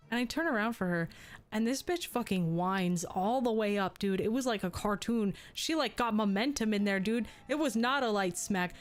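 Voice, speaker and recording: A young adult woman streamer telling crude jokes and stories in casual chat. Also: fairly high pitch. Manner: crude, joking storytelling, laughs often.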